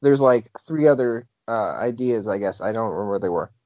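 A man's voice: fairly low pitch, expressive, a little fast, darkish tone, no room sound. Rambling young man on a podcast. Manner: rambling, full of "like" and restarts. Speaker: podcast co-host. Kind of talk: casual chat. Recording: dull lo-fi podcast audio.

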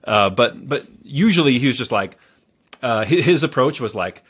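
A man speaking as a guest on a podcast, telling stories in a calm, measured way with frequent fillers and restarts. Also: medium pitch, husky. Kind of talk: casual interview storytelling.

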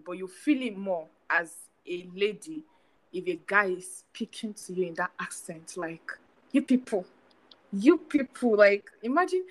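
A young adult woman from Nigeria with a Nigerian accent, co-hosting a casual chat podcast and talking in an animated way, full of fillers. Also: mid-range voice, poor audio. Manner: animated, chatty, lots of fillers. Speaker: podcast co-host.

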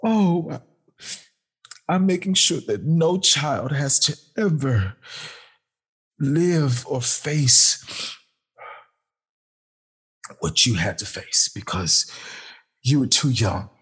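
A tearful man speaking to his younger self in a halting, heartfelt personal address, with sighs and pauses between phrases. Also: medium pitch, lively intonation, fairly bright tone, husky.

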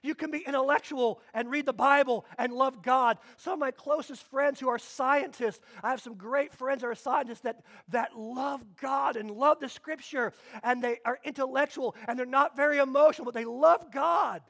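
A man with a strikingly high voice delivers a sermon to his congregation. He is lively and funny, hammering points home through repetition. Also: moderate pace, creaky, few pauses. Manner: energetic, humorous, repeats phrases for emphasis. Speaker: pastor.

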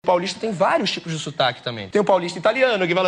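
A man chatting as a guest on a TV talk show, rapid, playful and laughing often. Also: sits high, very animated, over music. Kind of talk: comic talk show chat. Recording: noisy TV broadcast audio.

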